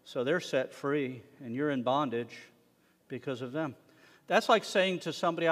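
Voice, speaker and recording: A man preaching a sermon to his congregation, animated, swinging between loud emphasis and hushed asides. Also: mid-range voice, normal speed. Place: synagogue sanctuary. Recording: long reverb of a worship hall.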